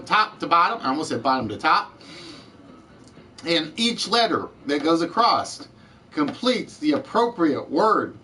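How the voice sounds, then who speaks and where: A man's voice: on the high side, pushed and bright, slight background noise, poor audio. Chatty Southern US man hosting a game show. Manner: chatty, greets and answers viewers from the chat.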